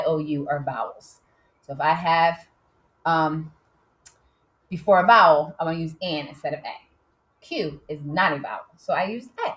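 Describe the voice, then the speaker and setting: A woman teaching young children to write, slowly sounding out words and spelling them letter by letter. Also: mid-range voice, fairly bright tone. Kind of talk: modeled writing lesson for young children.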